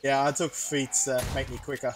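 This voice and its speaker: A young man chatting casually while playing a co-op video game, excitable and quick to yelp and laugh. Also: mid-range voice, a little hiss or hum. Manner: excitable, yelps and laughs at scares. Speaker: gaming YouTuber. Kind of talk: casual co-op gaming chat.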